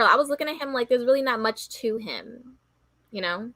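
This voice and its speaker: A woman gives blunt, dismissive opinions in a casual chat, halting often. Her voice is bright and a little tense. The sound is dry and close. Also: fairly high pitch, animated, no room sound, poor audio.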